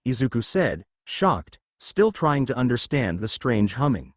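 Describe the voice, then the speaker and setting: A man reading fan fiction aloud as narrator, in a steady storytelling delivery. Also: mid-range voice, moderate pace, no echo, studio quality.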